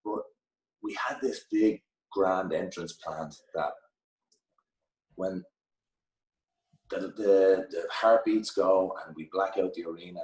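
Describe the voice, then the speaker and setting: An Irish man in his thirties, a guest telling a loose, lively anecdote in casual chat, swearing now and then. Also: deep voice, slow pace, pauses often. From Ireland. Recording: echoey room, mic at a distance.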